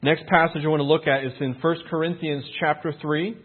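Husky preacher man over a tinny line. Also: on the high side, fairly even intonation, a little fast. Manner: earnest, emphatic teaching with rhetorical questions. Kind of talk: sermon. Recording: tinny phone-like sound.

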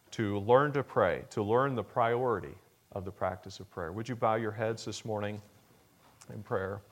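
A man preaching a Sunday morning sermon as pastor, earnest, rising to emphatic peaks and then dropping low and soft. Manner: acts out a child's pleading voice in a story.

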